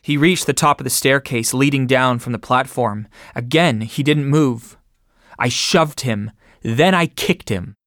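Guy reading a war memoir, measured delivery, mid pitch, super dry studio sound. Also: a bit bright, no room sound. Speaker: audiobook narrator. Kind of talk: first-person memoir narration.

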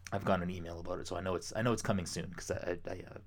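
A young man co-hosting a podcast, chatting casually, rambling with excitement and swearing freely. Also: deep voice, rapid-fire, slight background noise. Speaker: podcast co-host. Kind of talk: casual chat.

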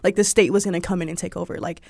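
Fast-talking Southern woman from Georgia. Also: lowish voice, vocal fry, no room sound, studio quality. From Georgia, USA. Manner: chatty, frequent "like" fillers, animated quoted voices. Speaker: interview guest. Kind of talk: casual personal storytelling.

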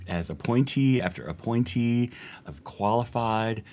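A man co-hosting a political podcast, talking in an animated, scornful and profane way. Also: medium pitch, a little slow. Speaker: podcast co-host. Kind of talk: casual political chat.

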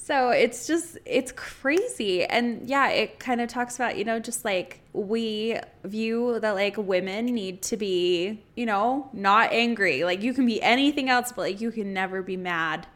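Young woman, podcast co-host, animated, laughs, many "like" fillers. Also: mid-range voice, a little slow, few pauses. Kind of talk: casual podcast chat.

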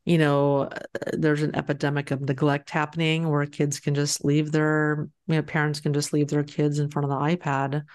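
Low, flat-voiced woman host. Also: moderate pace. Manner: thoughtful, hedging with "you know". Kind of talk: casual interview chat.

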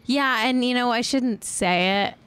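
A woman's voice: on the high side, unhurried, fairly bright tone, clean tone. A woman in her thirties from California hosting a casual celebrity-news chat on a live stream, rambling and laughing at herself. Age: 30s. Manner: rambling, self-mocking and giggly. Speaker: podcast host.

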